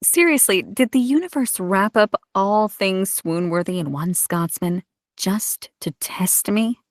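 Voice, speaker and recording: A woman narrator reads a passage aloud with playful, expressive delivery. Her voice has a middle pitch. The recording is dry and close to the mic. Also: a little slow, no room sound. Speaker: audiobook narrator. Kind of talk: reading fiction aloud.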